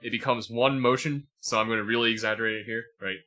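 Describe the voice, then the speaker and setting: A man's voice: mid-range voice, fairly even intonation, fast. A man teaching piano on a livestream, patiently explaining as he demonstrates and often checking with "right?". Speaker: piano teacher reviewing a student. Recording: piano music playing behind.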